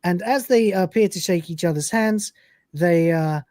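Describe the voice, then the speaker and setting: A man's voice: high voice, a little slow, darkish tone, dry recording, studio quality. A man hosting a live show, narrating scenes and reading lines aloud, with fillers. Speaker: podcast host. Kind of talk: live episode recap chat.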